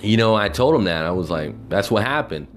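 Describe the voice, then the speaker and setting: Low-voiced man ranting with wide swings. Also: brisk, soft background music. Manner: profane, exasperated storytelling; animated, mimics people in quotes. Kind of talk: casual storytime rant.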